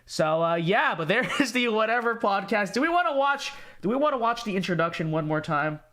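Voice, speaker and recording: A young man hosting a livestream podcast, chatting casually, rambling and repeating words with sudden animated outbursts. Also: high-pitched, brisk. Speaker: podcast host.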